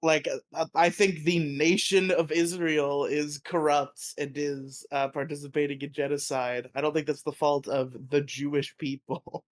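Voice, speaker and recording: Higher-voiced man in loose podcast banter. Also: little pitch movement. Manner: halting, profane, laughs often. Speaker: podcast co-host. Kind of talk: casual podcast chat.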